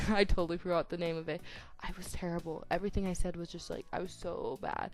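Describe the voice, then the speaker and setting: A teenage girl chatting over a game build, soft-spoken and tongue-tied, with voice cracks and constant "like"s. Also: fairly low pitch, level tone, fast talker. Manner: chatty, self-deprecating, lots of "like", tongue-tied restarts. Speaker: YouTuber. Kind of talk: rambling voice-over chat during a speed build. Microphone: home desk microphone.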